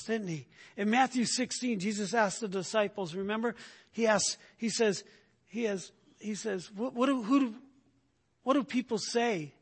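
A man's voice: high voice, breathy edge, in a large hall. A man preaching a sermon in a conversational way, often checking in with rhetorical questions and repeating himself as he goes. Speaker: pastor.

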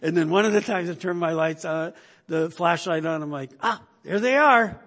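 A man's voice: on the high side, steady tone, fairly quick, in a large hall. A man preaching a sermon in a chatty, storytelling way, often checking in with "right?". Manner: conversational, storytelling with frequent "right?". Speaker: pastor.

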